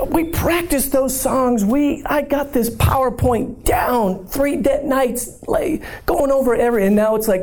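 A hoarse man giving an animated, joking sermon-style talk as a guest speaker at a church, often checking in with the room. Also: very high-pitched, unhurried. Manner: animated and conversational, often asking the room "right?"; bold, upbeat and joking. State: hoarse, voice nearly gone.

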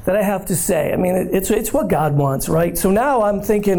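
A hoarse man giving an animated, joking sermon-style talk as a guest speaker at a church, often checking in with the room. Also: sits high, brisk, few pauses. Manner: animated and conversational, often asking the room "right?"; bold, upbeat and joking. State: hoarse, voice nearly gone.

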